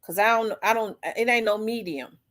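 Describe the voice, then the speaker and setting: A middle-aged woman, hosting a vlog and telling a story in a blunt, profane, animated way. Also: mid-range voice, normal speed. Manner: blunt, profane, animated, acts out quoted people. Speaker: vlog host. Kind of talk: candid storytelling monologue.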